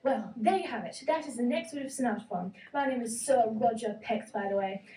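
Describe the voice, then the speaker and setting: A woman's voice: fairly high pitch, a little fast, mellow, natural voice. A woman voicing a fussy, bossy little male bluebird who leads a bird choir in a children's story. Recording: roomy, distant.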